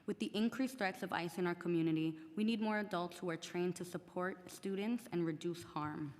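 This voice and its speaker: A woman's voice: fairly low pitch, brisk. A teenage girl, English not her first language, earnestly reading prepared testimony at a public hearing. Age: teen. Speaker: student testifying. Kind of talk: prepared testimony read aloud. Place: council chamber. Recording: long reverb of a large chamber.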